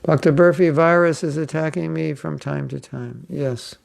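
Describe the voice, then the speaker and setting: Gravelly older man teaching a casual class. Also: fairly high pitch, moderate pace, a little mellow. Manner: playful, slips into mock accents. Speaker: spiritual teacher. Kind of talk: informal class with questions.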